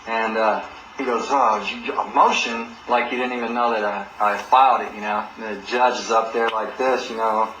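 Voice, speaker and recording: A man telling a personal story in a casual, animated way, acting out other people's words. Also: on the low side, moderate pace. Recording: roomy echo with faint background noise.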